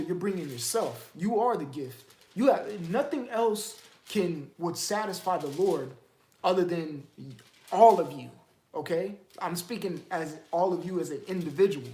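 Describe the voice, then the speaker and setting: A man's voice: high voice, expressive, normal speed, warm tone, reverberant. A man teaching the Bible in a casual, streetwise way, firing off emphatic rhetorical questions.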